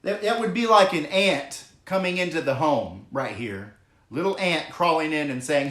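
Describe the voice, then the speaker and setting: A man preaches as pastor in a church hall, and the room's echo carries his earnest, emphatic delivery as he stretches key phrases and reads from scripture. His voice is on the high side and fairly bright, with lively intonation at a moderate pace.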